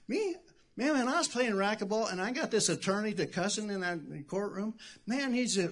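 Preaching at a moderate pace, this middle-aged pastor has a high, very animated voice. He speaks conversationally, alternating hushed side remarks with sudden shouting.

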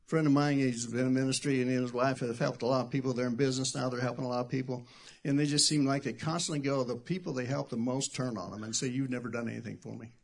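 A middle-aged man preaching a sermon as pastor, talking conversationally and jumping between quiet asides and loud shouted bursts. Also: medium pitch, fairly even intonation, quick pace.

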